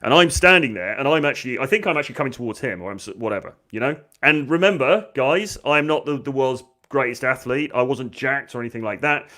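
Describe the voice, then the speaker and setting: Animated man telling a story. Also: mid-range voice, quick pace, hardly any pauses. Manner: animated, acts out quoted lines. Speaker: dating coach. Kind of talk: storytelling monologue.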